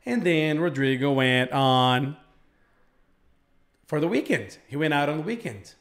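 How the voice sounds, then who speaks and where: A man teaching an English lesson live, telling a story slowly and expressively. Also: on the high side, lively intonation, echoey room.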